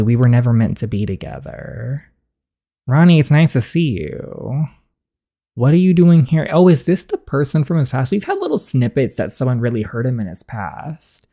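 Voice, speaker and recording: A woman reading an interactive story game aloud and reacting to it, voicing every character in her own voice and jumping up high and loud when she reacts.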